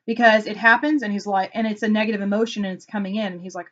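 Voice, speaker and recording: Animated woman telling stories, dull sound. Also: medium pitch, quick pace, few pauses. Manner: animated storytelling with acted-out quotes. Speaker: Enneagram consultant. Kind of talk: casual explanatory vlog talk.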